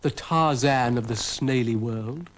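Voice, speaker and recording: A man's voice: mid-range voice, measured pace, close to an everyday voice. A man voicing a cheery male snail who talks in a jaunty, wry way.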